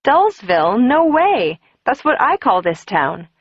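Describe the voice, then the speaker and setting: Brief: a female reader as an eager gothic teen girl, rapid questions, dull lo-fi sound. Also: on the high side, sing-song, breathy edge, no room sound, pitched above the performer's own voice, heavily acted.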